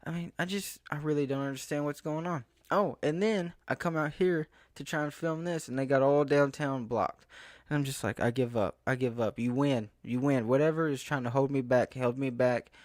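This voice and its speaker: A man's voice: fairly high pitch, steady tone, normal speed, no echo, studio quality. A young man ranting casually to the camera, rambling and exasperated, often acting out what he said to people. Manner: rambling, exasperated, restarts and quoted asides. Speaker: vlogger. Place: outdoors in a town, then home.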